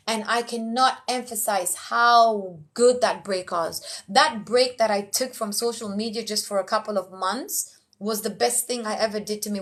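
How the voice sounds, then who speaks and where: A woman emcee giving motivational life tips in casual talk, frank and animated, sometimes acting out quoted voices. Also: fairly high pitch. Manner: frank, blunt, lightly profane.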